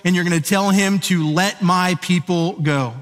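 A preacher voicing a calm, firm God. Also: male voice, high voice, a little slow, faint music behind. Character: patient, firm God speaking to Moses. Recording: echoey hall.

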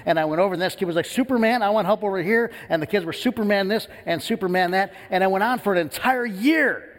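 Brief: middle-aged male pastor, fairly high voice, animated storytelling sermon in a church. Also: fast. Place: church sanctuary. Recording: long hall reverb.

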